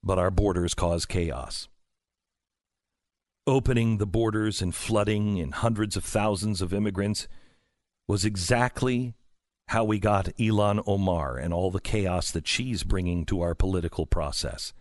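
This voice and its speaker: A man's voice: low-pitched, a little slow, no echo, clean studio sound. A male talk show host delivering an opinionated political monologue, emphatic and sarcastic, full of rhetorical questions.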